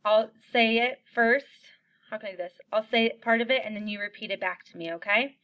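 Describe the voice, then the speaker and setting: A woman with a fairly high, bright voice leads young children through a lesson. She is upbeat and encouraging and slows right down to chant little rhymes for them to repeat. The recording is muffled and lo-fi. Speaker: teacher.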